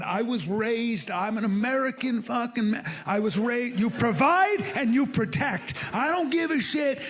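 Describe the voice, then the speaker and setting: High, crude storytelling man. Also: fairly bright tone. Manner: crude, boastful storytelling, swings up into a shrill squeal. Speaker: stand-up comedian. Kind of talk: stand-up bit in a clip.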